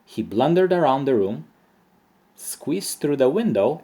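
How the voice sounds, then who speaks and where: A male teacher reading a children's story aloud to primary pupils. His delivery is slow and unhurried, with a lively melody, and it stays expressive throughout. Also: mid-range voice, husky.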